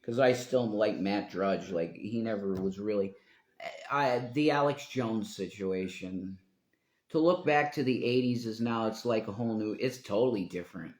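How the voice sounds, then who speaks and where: A man with a low-pitched voice rambles through a live stream, drifting between thoughts and swearing freely. He often trails off mid-sentence. The sound is roomy, with a clear echo around his voice. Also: moderate pace, a little mellow. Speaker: livestreamer.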